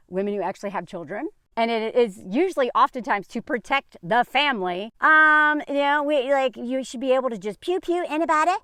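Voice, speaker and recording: A woman's voice: sits high, clean tone, dry recording, clean studio sound. A woman giving casual opinion commentary as a vlogger, sarcastic, laughing often and filling her talk with "like".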